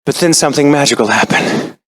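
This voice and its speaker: A man's voice: on the high side, a little fast. An American man telling a comic story at a convention panel, acting out the voices of the people in it. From United States. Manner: animated, comic, acts out voices. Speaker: convention guest actor.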